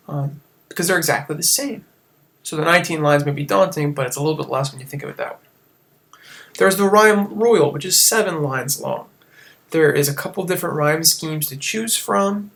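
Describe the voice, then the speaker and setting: A man's voice: a little high, fairly bright tone. A man teaching a recorded lesson, speaking casually and explaining things step by step.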